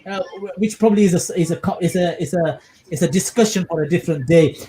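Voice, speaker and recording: A man's voice: high voice, fast talker, slight background noise. A man from England hosting a casual podcast discussion, talking emphatically and often checking in with his listeners. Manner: animated, emphatic, frequent checks like "you understand?". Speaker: podcast host.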